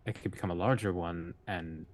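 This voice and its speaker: A man's voice: low voice, steady tone, fairly quick. A man playing a tabletop game, rambling and correcting himself as he talks. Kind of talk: casual game table talk.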